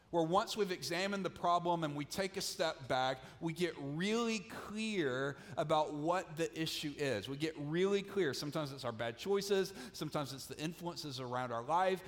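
A man preaching a sermon as pastor, emphatic and repetitive, often dropping to a quiet tone to press a point. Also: a little high. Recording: long hall reverb.

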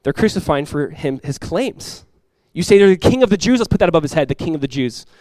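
Male pastor, rapid sermon delivery, slightly high voice, dry close sound; emphatic, climbs on scripture quotes. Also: expressive, a little mellow, dry recording. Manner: emphatic preaching, voice climbs and swells when quoting scripture; conversational asides with quick restarts.

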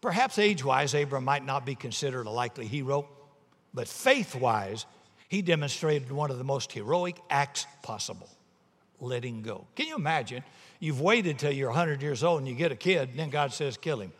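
A male pastor preaching a sermon, telling stories and shifting between loud and hushed delivery. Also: medium pitch, animated, normal speed, big-room sound.

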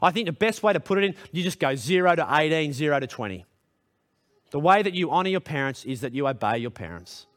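A man's voice: animated, fast talker. Man, pastor, sermon, earnest, questioning the congregation. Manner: earnest, direct questions to the congregation, pitch rising when emphatic. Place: church hall.

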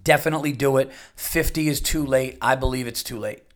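A man's voice: mid-range voice, fairly even intonation, fairly quick. A man, under fifty, hosting a podcast in a casual monologue, blunt and crude, rambling with many fillers. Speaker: podcast host.

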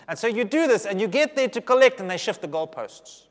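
A man preaching a sermon to a congregation, animated and humorous, with asides to the audience. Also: high-pitched, fast talker. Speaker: pastor. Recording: long reverb of a big hall.

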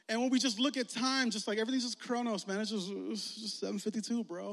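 A man, preaching a lively, joking youth sermon that rises to shouts. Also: high-pitched, quick pace, vocal fry, few pauses. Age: 40s. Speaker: youth pastor. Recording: long hall reverb.

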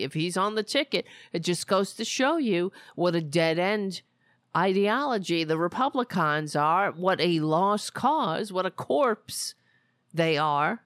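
A woman's voice: fairly low pitch, fairly bright tone, no echo, clean studio sound. A woman hosting a political commentary podcast, talking in a sarcastic, mocking way. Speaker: podcast host.

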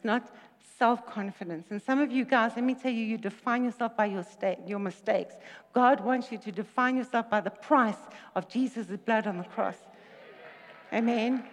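A woman preaching a sermon, telling a story with lively asides and jokes. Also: a little high. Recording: reverberant hall.

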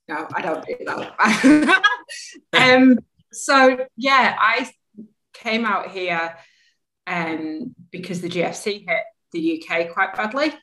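A woman from Manchester with a Manchester English accent, chatting casually as a guest over a video call, self-deprecating and quick to laugh. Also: medium pitch, lively intonation, sharp tone, rough recording. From Manchester, England. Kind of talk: casual conversation.

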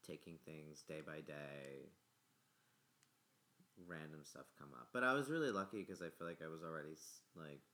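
Deep-voiced young man rambling with fillers. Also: moderate pace, pushed and bright. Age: young adult. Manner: rambling, heavy use of filler "like". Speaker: podcast guest. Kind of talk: casual chat.

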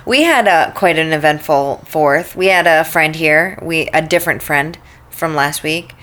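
A woman's voice: sits low, unhurried, fairly bright tone. A woman co-hosting a podcast, laid-back and dry in casual banter. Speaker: podcast co-host.

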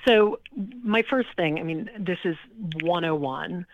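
Confident, animated woman podcast guest. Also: fairly low pitch, measured pace, phone-quality sound, noisy background. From Louisiana, USA. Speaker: guest, charity auctioneer. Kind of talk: podcast interview conversation.

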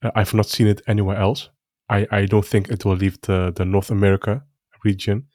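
A man's voice: on the low side, flat delivery, brisk, a little mellow, no echo, studio quality. A man co-hosting a casual chat, speaking hesitantly with frequent restarts. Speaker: co-host.

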